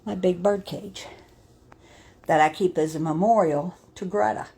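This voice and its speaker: A woman's voice: lowish voice, measured pace, mellow, slightly rough. An older woman from New York, chatting casually and bluntly to her viewers while giving a tour of her house and yard. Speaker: vlogger. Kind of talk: casual home tour vlog.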